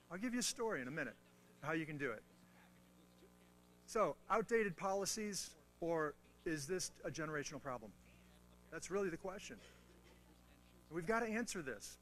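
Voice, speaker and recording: With slight background noise behind his somewhat high voice, a man delivers a motivational mentoring talk to service members. He's a guest speaker who tells animated stories, mocks himself, and drops in teasing, playful asides.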